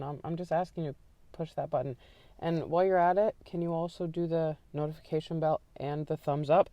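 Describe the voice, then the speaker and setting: A woman hosting a true crime channel, chatting to viewers in a rambling, self-deprecating way before narrating a case in a calmer, soothing delivery. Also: lowish voice, no echo. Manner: aims for a calm, sleepy ASMR-like delivery in the story.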